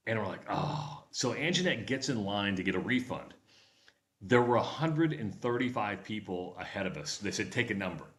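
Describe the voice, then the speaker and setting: A man from Nebraska with a lowish voice co-hosts a radio show, casually telling a travel story. He acts out the voices of the people he quotes, and the sound is reverberant.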